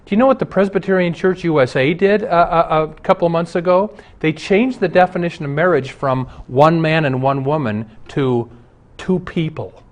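A man's voice: fairly high pitch, normal speed. A middle-aged male pastor delivering a broadcast sermon, earnest and emphatic, his intensity rising and falling.

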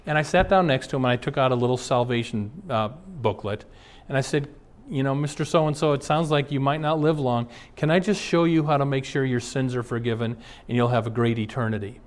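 A man preaches an earnest, story-driven sermon, reading passages aloud before recounting ministry anecdotes. He is a pastor from the Twin Cities area, with a mid-range voice and a fairly quick delivery.

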